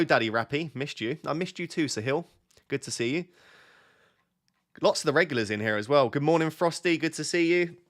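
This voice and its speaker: A young man chatting casually on a live stream, reading out viewer comments and drifting off on tangents. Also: fairly high pitch. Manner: chatty, easily sidetracked, reads out chat messages. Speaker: fantasy football streamer.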